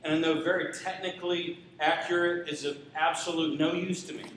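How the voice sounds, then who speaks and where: A man's voice: a little high, steady tone, fairly quick, a bit bright, a little hiss or hum, pitched above the performer's own voice, lightly acted. A man voicing an impatient, lost man in a hot air balloon within a told joke, with a raised voice. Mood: exasperated. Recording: echoey hall, distant mic.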